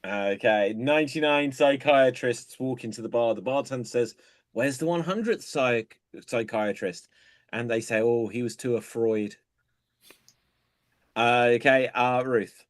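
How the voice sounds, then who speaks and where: Brisk man hosting improv, dry sound. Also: medium pitch, dry recording. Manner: brisk, calls on players by name. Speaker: improv host. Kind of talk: hosting an improv game on a video call. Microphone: video call.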